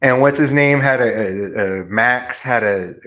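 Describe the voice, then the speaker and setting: A man's voice: mid-range voice, a little slow, a bit bright. A man live streaming, chatting casually with viewers in a rambling, laughing way with plenty of swearing. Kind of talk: casual livestream chat.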